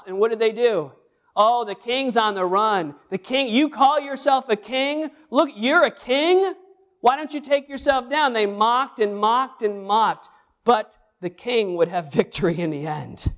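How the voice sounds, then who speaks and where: A man preaching a sermon, animated and emphatic, repeating phrases and restarting words as he goes. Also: high-pitched. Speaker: pastor.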